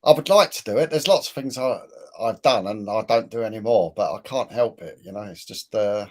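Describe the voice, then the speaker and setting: A man's voice: on the low side, lively intonation, brisk, darkish tone. A man, a guest on a live show, talking casually and hesitantly, often trailing off. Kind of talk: casual chat.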